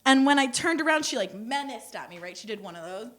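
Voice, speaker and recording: A young woman performing a stand-up comedy set on a theater stage, animated and laughing at her own jokes. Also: on the high side, fast talker.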